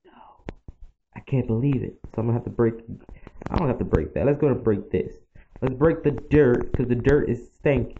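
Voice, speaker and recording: A man's voice: medium pitch, normal speed. A man chatting his way through a game, rambling and addressing his viewers as he goes. The sound is dull and lo-fi, with faint noise underneath. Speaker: gaming channel host. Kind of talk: casual game commentary.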